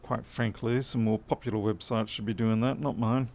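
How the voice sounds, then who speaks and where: Casual and dryly funny, an Australian man answers chat questions during a repair live stream as he works. He speaks at a moderate pace in a slightly mellow, mid-range voice with fairly even intonation.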